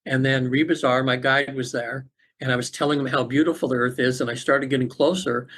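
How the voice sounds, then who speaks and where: A middle-aged man, a podcast guest, telling a personal story in an earnest, halting way with many restarts, over a remote call. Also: medium pitch, steady tone, fairly bright tone, slightly rough. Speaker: podcast guest, afterlife facilitator.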